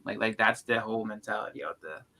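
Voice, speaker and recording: A man's voice: lowish voice, quick pace, pushed and bright. A man in a casual group chat, telling rambling stories and acting out quotes. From Boston area. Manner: rambling storyteller, acts out quotes. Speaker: channel host, comic collector.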